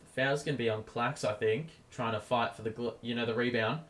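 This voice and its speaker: A man hosting a live watchalong stream, calling the game play by play in a casual way, his voice going hoarse and getting loud over big plays. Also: mid-range voice, fairly even intonation, a little fast. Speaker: stream host.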